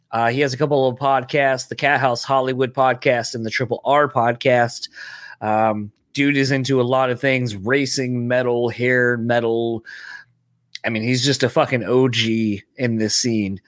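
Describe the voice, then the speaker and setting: A man's voice: mid-range voice, dry recording, clean studio sound. A man co-hosting a podcast in casual chat, loose and profane with lots of fillers. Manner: loose, swearing, many fillers. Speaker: podcast co-host.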